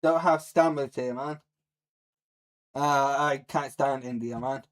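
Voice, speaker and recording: A man's voice: mid-range voice, takes it slowly. A man on a live stream, ranting at his chat in a profane, mocking, hostile way. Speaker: livestreamer.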